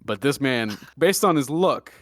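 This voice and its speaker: A young man hosting a podcast, telling a story in a deadpan, joking way with mock-serious asides. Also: mid-range voice, a little slow, no room sound, studio quality. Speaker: podcast host. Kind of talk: casual storytelling chat.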